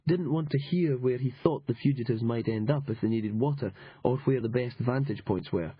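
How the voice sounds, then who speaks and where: A man's voice: mid-range voice, moderate pace, breathy edge, no room sound, highs cut off. A man reading an audiobook in a dry, sardonic storytelling manner. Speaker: audiobook narrator. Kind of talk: scripted narration.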